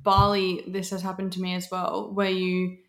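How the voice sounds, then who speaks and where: A woman in casual podcast chat, reacting a lot and chiming in quickly. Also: lowish voice, monotone, fairly bright tone, reverberant. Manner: reactive, laughing along, quick interjections.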